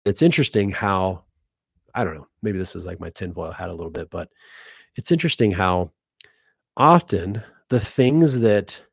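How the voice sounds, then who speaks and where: Man, hypnotist, casual storytelling to camera, earnest, animated, fairly low voice, dry close sound. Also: dry recording. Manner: animated, earnest, acts out quotes. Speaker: hypnotist and coach.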